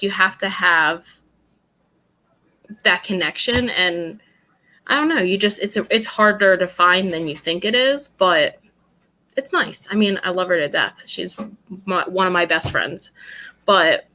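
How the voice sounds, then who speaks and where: A young New York woman co-hosts a podcast, chatting casually in a bright, forceful voice of medium pitch. She's blunt and rambling, and she laughs often.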